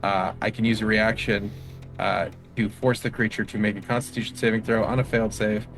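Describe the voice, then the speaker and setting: Male player, slightly low pitch, casual rules talk and action narration, faint music bed. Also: little pitch movement, fairly quick, vocal fry, a bit bright. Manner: checks rules aloud, describes his character's actions. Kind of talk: casual tabletop play.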